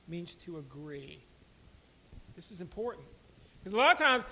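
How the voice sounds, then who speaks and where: A man preaching a sermon as pastor, swinging between loud emphatic lines and quiet asides, asking the congregation direct questions. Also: sits high, low-quality recording.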